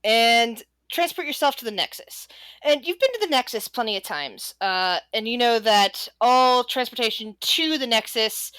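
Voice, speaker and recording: Woman running a tabletop game, kinda high bright voice, rambly, dry close sound. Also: clean tone, no echo. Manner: rambling, many fillers and restarts. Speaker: game master.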